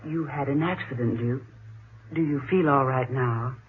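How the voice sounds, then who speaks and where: An actress in an old-time radio drama playing an earnest young woman who has inherited an old family house, speaking in a measured way. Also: a bass voice. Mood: soothing. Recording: muffled, hissy old radio transcription.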